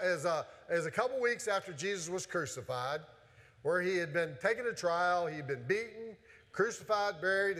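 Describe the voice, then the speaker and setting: A man preaches to his congregation in a folksy, conversational way, repeating himself as he goes. His voice sits a little high for a man. The sanctuary rings with a long, lingering reverb. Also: fairly bright tone. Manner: conversational, folksy storytelling with repetitions. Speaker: pastor. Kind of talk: sermon. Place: church sanctuary.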